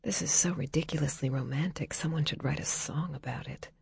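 A woman voicing a young adult pop singer who talks in a low-key, hushed, self-deprecating way, as an audiobook character. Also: steady tone, moderate pace, slightly rough. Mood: sheepish.

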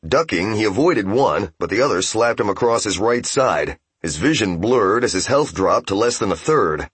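A man narrating a fantasy game novel as an audiobook, in steady, even storytelling. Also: on the low side, normal speed, slightly rough, dry recording.

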